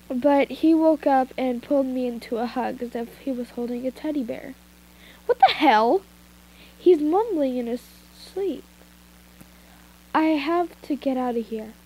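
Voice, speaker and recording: Her voice is high and mellow, captured in a rough recording. She reads fanfiction aloud informally on her phone, an amateur reader pausing for asides and retakes.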